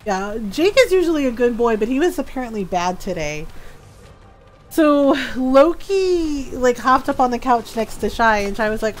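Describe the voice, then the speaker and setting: A woman hosting a gaming livestream, chatting casually and telling a story in an animated way with frequent laughs. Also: fairly high pitch, normal speed, a little hiss or hum. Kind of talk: casual chat.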